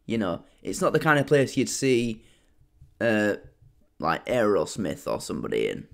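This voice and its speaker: A reaction video host, commenting in an animated, chatty way and laughing often. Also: mid-range voice, normal speed, vocal fry.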